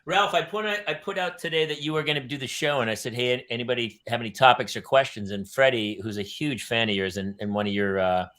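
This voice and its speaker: A middle-aged man co-hosting a casual chat, telling stories about his kids in an animated way. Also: mid-range voice, quick pace, hardly any pauses. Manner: animated storyteller acting out his daughters. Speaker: podcast co-host.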